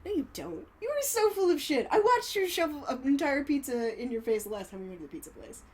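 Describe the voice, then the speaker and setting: A woman's voice: high voice, fast. A woman streaming a video game, chatting casually, laughing often and swearing freely. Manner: laughing, profane, animated. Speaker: let's play streamer. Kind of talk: casual gaming chat. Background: game music.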